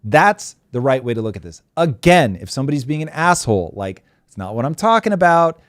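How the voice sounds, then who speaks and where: A man's voice: mid-range voice, big pitch swings, brisk, no room sound, studio quality. A man hosting a live talk show, chatting bluntly and animatedly, swearing freely. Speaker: host. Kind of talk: casual live show chat.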